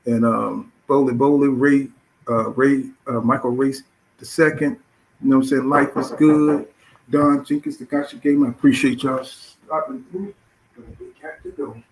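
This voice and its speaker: A middle-aged man talks boxing in a loose, profane, rambling way, working filler phrases into nearly every sentence. His voice sits at an ordinary middle pitch. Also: level tone, normal speed, a little hiss or hum, rough recording. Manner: profane, filler-heavy, says "you know what I'm saying" constantly. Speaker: boxing show host. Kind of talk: casual boxing talk.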